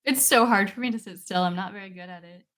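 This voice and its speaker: A young woman co-hosts a casual podcast at a brisk, rapid clip. She teases her co-host in quick back-and-forth, restless and fidgety, her voice at a middle pitch. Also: fairly bright tone. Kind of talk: casual chat.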